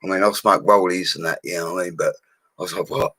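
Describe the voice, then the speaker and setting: A man's voice: deep voice, steady tone, fast, sharp tone, dry recording, rough recording. A man of forty, chatting casually and rambling on a live stream, with plenty of slang. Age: 40s.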